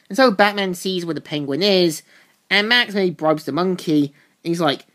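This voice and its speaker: Woman doing a chill comic review, kinda low voice, rambles through the plot. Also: normal speed, a bit bright. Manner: rambling retelling with loose restarts. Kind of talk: casual plot recap and review.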